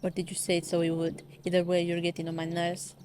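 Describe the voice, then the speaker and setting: A woman's voice: on the low side, completely flat delivery, quick pace, darkish tone, slight background noise, natural voice. A cold, cocky young man from a webtoon who brushes people off with curt contempt, read out by a woman in a near-natural voice. His lines are clipped and condescending. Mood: contemptuous. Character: cocky male college womanizer, cold and confrontational.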